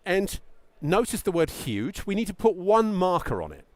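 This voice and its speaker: A middle-aged man giving a presentation to founders as a pitch coach, emphatic and lively, sometimes acting out what a founder might say. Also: moderate pace, no echo. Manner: animated, emphatic, acts out mock founder quotes.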